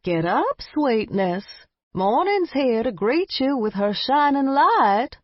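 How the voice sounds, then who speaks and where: A woman's voice: high voice, very animated, takes it slowly, no room sound, voice pushed up, full character voice. A woman voicing an older grandmother with a folksy, scolding, affectionate drawl, recorded a little muffled. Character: warm bossy Southern grandmother, older woman.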